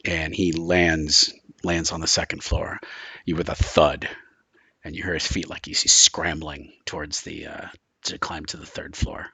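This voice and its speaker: Low-voiced rambling game master, man. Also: level tone, unhurried, sharp tone, breathy edge, no room sound. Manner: loose, rambling description full of "like" and "kinda". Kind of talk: narrating a tabletop horror game.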